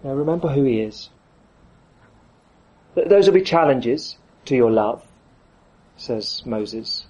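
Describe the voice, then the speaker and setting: A man's voice: mid-range voice, expressive, takes it slowly, pauses often, a little mellow, husky. A man preaching a sermon, acting out the voices of the people he quotes.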